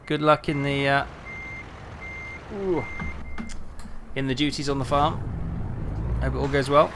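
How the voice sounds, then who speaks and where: A man's voice: mid-range voice, moderate pace, gravelly, long pauses, fairly bright tone, slight background noise. A man streaming a truck driving game, rambling chattily and greeting viewers by name while he drives. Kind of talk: casual live-stream chat while driving.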